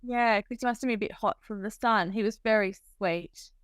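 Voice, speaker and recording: A young Australian woman, a midwife, chatting easily as a podcast guest, friendly and relaxed, often trailing off softly. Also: medium pitch, brisk, clear, resonant tone, no room sound, clean studio sound. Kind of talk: casual interview chat.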